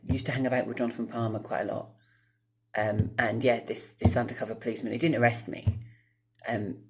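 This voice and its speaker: A man in his mid-thirties speaks at a middling pitch in a loose, casual storytime. He wanders off track, curses often and keeps turning to chat directly with his viewers. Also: a little hiss or hum. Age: 30s. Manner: rambling, swears freely, chatty asides to viewers. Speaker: vlogger.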